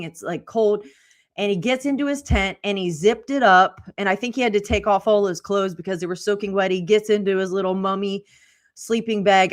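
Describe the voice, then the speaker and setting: A woman podcast host casually retelling a spooky story, chatty, with many fillers and quoted asides. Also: mid-range voice.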